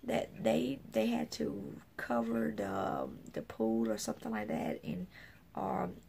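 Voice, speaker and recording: A woman minister with a deeply gravelly, fry-laden voice, sitting at an ordinary middle pitch. She tells her story casually and rambles, stacking fillers and restarts. Now and then she acts out other people's lines. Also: huge pitch swings, unhurried, a little mellow, a little hiss or hum. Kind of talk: casual spoken testimony.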